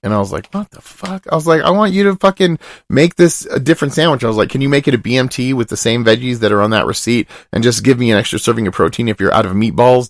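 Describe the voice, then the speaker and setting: A man's voice: mid-range voice, vocal fry, no echo, studio quality. A young man telling a long rambling story on a podcast, swearing often and dropping his voice to quote other people. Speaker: podcast host. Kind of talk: casual storytelling.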